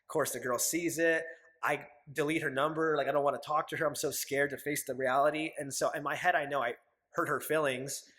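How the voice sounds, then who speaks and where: A man's voice: on the high side, fairly even intonation, fairly quick, a bit bright. A man in his twenties, a podcast guest, telling stories candidly in a casual interview, acting out his own past lines and swearing freely. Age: 20s.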